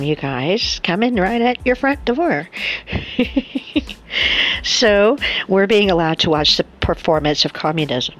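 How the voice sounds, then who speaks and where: Sarcastic woman ranting. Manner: sarcastic, laughs often, mocks opponents in high put-on voices. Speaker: political commentator. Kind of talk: casual political monologue.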